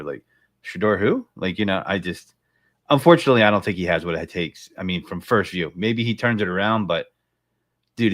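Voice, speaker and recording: Man, very low voice, dry close sound; blunt, crude sports panelist running on no sleep. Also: a bit bright, dry recording. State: tired from little sleep. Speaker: podcast panelist. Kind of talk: casual sports talk.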